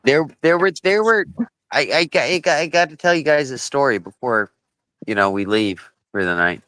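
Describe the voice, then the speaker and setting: A man chats on a homemade live stream, tripping over his words and going back over them as he spins a slow bar joke. His voice is dry and close. Typing on a keyboard can be heard behind him. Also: medium pitch, bright, forceful tone, no echo. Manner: halting, repeats words, tells a joke slowly. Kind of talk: casual group chat on a live stream.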